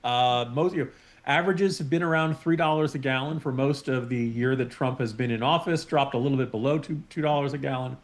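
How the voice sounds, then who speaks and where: A man appearing as a guest columnist on a talk show by video call, measured and analytical, hedging his points. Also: mid-range voice. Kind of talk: talk radio panel discussion.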